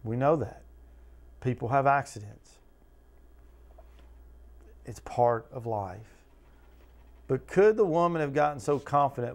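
A man's voice: mid-range voice, slow, long pauses, a little mellow. A man teaching a Bible study as pastor, earnest and conversational, asking his listeners question after question. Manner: earnest, talks to listeners with repeated questions, acts out quotes.

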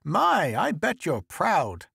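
Guy doing a squeaky old granny voice, all excited, kinda distant. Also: slow, vocal fry, husky, no echo, clean studio sound, exaggerated voice. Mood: eager. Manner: piping, wide-eyed. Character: eager old woman, piping and excitable.

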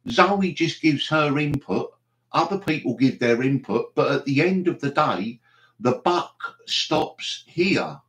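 A man's voice: on the high side, a little slow. Rambling man hosting a live stream. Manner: chatty, digressive, mock-exasperated. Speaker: livestream host.

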